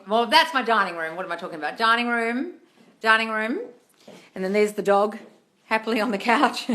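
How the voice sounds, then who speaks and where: A woman's voice: fairly high pitch, sharp tone. A woman hosting a casual phone livestream from her new apartment, chatty, reading comments aloud and calling viewers darling. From Australia. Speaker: manifesting coach hosting a livestream. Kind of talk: casual livestream chat and advice.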